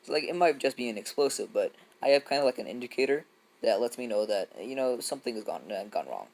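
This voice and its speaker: A man's voice: medium pitch, animated, fast talker, a little mellow. A young man improvising a casual fan story, rambling and heavy with fillers and restarts.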